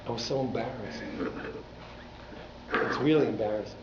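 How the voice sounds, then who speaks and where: A rabbi teaching a class at a community synagogue, telling stories animatedly and repeating words for emphasis. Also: male voice, medium pitch, moderate pace. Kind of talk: storytelling lecture. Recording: echoey, dull hall recording with faint noise.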